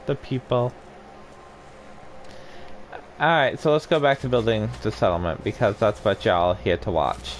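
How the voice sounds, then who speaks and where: A man's voice: lowish voice, measured pace, long pauses, a little hiss or hum. A young man streaming a game and bantering playfully with a friend, teasing and laughing often. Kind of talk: casual banter while gaming.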